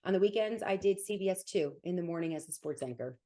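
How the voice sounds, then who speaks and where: A woman in her forties with a New Jersey accent, a sports broadcaster talking quickly and animatedly as an interview guest. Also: on the low side, lively intonation, mellow. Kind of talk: casual interview.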